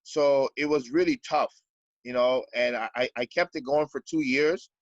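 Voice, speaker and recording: A man's voice: medium pitch, moderate pace, no echo, dull audio. A Canadian basketball coach in a podcast interview, speaking earnestly and stumbling over repeated words as he searches for them.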